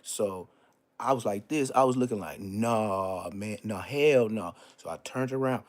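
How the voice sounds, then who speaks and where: A man's voice: on the low side, a little slow. Profane Los man telling a story. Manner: profane, emphatic, repeats street oaths. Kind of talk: casual live-stream storytelling.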